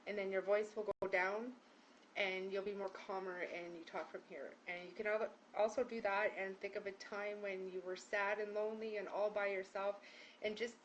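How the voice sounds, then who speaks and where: A woman healer talks a group through a prayer ceremony in a loose, rambling way, with plenty of ums and false starts. Her voice sits at an ordinary middle pitch. She speaks from a room hung with prayer ties, with a faint noise behind her. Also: flat delivery, normal speed, lo-fi sound. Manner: loose and rambling, with many fillers and restarts. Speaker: spiritual healer leading a group prayer session. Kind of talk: casual spoken instruction.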